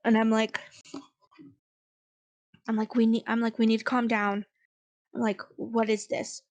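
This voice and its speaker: A woman's voice: on the high side, level tone, measured pace, a little mellow, dull audio. Chatty woman playing a horror game. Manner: chatty, hesitant, swears casually. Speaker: player. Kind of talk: casual tabletop role-play.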